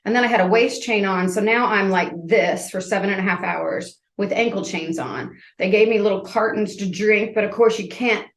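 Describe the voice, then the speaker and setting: A woman's voice: medium pitch, moderate pace, few pauses, roomy sound. A woman in her fifties telling her story as a podcast guest, vividly acting out scenes as she goes.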